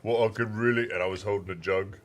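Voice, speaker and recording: A man playing at a tabletop game, telling his story in a slow, deadpan way. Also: lowish voice. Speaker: player. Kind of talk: casual in-character chat at a game table.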